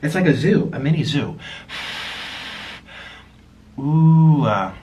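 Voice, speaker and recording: A gushing young man eats on camera and chats, cooing at his pets in baby talk. His voice sits a bit high and leaps up and down. A faint hum runs underneath. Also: lively intonation, slow pace, warm tone. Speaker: vlogger. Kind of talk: casual mukbang chat.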